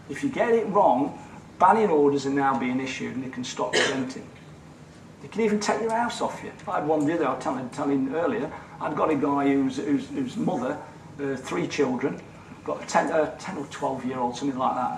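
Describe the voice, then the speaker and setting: A man's voice: a little high, slight background noise. A man giving a seminar as a letting agent, blunt and repetitive, acting out the people in his stories. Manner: blunt, repeats words, mimics others in raised voice. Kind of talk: animated seminar talk with acted-out anecdotes. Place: seminar room. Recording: echoey room, mic far off.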